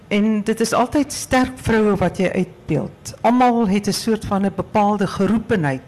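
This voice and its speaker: A woman's voice: medium pitch, a little mellow, rough recording. A woman interviewing a novelist, asking thoughtful, appreciative questions about her work. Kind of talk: literary interview.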